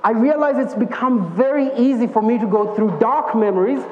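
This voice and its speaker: A man's voice: very high voice, normal speed. A man giving a conversational sermon as a preacher, telling stories earnestly and acting out the quotes in them. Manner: earnest storytelling with vivid acted-out quotes. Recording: echoey hall, dull lo-fi sound.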